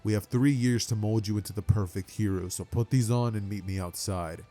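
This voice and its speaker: A man voicing a stern, weary male teacher with a dropped, lower voice. He speaks in flat, curt commands and leaves no room for argument. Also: a little fast, faint music behind, close to an everyday voice.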